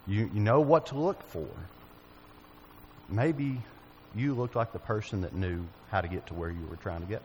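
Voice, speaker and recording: A man's voice: lowish voice, normal speed, a little mellow, dull audio. Guy preaching a sermon, folksy storyteller, faint background noise. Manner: folksy storytelling, asks the audience questions.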